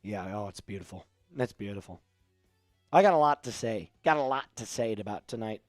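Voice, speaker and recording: A man's voice: on the low side, expressive, a little fast, dry recording, studio quality, faint music behind. A man hosting a casual live stream, joking around and reading out viewer messages. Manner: joking, reads out viewer chat. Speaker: livestream host.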